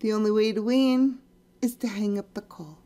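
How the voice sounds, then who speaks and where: A woman's voice: medium pitch, fairly even intonation, moderate pace, dark tone. A woman narrating a video in a casual, explanatory way, sometimes dropping into murmured asides. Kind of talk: casual screen commentary.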